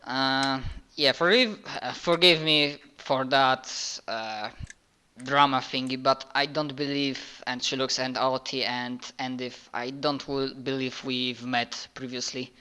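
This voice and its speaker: A man playing a tabletop role-playing game, talking haltingly with many fillers and restarts as he describes his character's actions. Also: medium pitch, steady tone, bright, forceful tone, smooth. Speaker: player.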